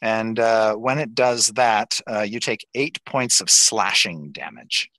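A man narrating as dungeon master, relaxed and pausing often as he describes the scene and rules. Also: lowish voice, no room sound, rough recording. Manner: relaxed, with frequent pauses and fillers. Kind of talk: narrating a tabletop game.

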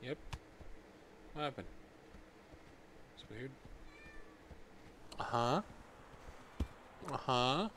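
A man's voice: medium pitch, drawn-out words, pauses often, bright, forceful tone. A man streaming a game, with playful casual commentary, chatting to viewers and muttering asides to himself. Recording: noisy stream recording.

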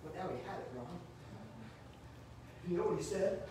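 A man preaching a sermon in a church, rising to shouts and dropping low. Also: animated, normal speed, noisy background. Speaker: pastor. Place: church sanctuary. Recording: echoey church room from far off.

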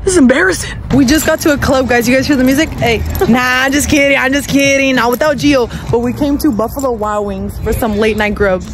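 A woman's voice: high-pitched, a little fast, few pauses. A young woman talking casually to her camera, playful and jokey, with lots of exaggerated reactions. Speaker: vlogger. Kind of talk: casual vlog chat. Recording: noisy phone recording.

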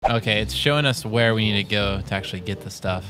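A man's voice: lowish voice, fast talker, music in the background. A young man chatting and joking while playing a video game with a friend, laughing a lot and slipping into mock sports commentary. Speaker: gamer. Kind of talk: casual gaming chat.

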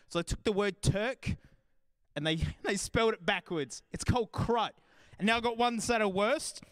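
A man's voice: high voice, normal speed, fairly bright tone, no echo. An Australian man hosting a live stream in a casual, joking and rambling way, laughing often and drifting away from the mic as he moves around. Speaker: livestream host.

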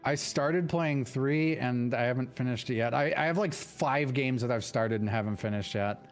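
A man gaming partner with a mid-range voice, stammering a bit and cracking dry jokes. Soft music plays under him. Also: medium pitch, moderate pace. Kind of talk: casual gaming chat.

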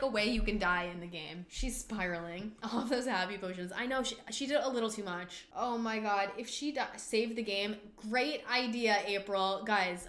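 An excitable woman talks through her game, dramatic and quick to swear. Her voice is bright and forceful, recorded in an echoey room with a faint hiss. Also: mid-range voice. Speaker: gaming channel host. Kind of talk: casual gameplay commentary.

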